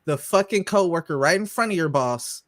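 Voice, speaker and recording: High-voiced man, animated wrestling chat. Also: brisk, slight background noise. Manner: animated, profane, emphatic storytelling. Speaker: podcast co-host.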